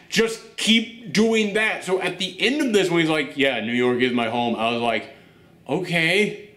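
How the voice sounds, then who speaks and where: Male host, chatty and animated reaction talk, somewhat high, echoey room sound. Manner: animated, chatty, many fillers and laughs. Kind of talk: casual TV show reaction commentary.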